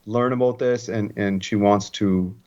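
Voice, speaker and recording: A man's voice: fairly low pitch, fairly even intonation, measured pace, dark tone. An easygoing man in his thirties, a podcast guest who talks hockey and family. He speaks loosely and often repeats words. The recording sounds a little dull. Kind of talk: casual conversation.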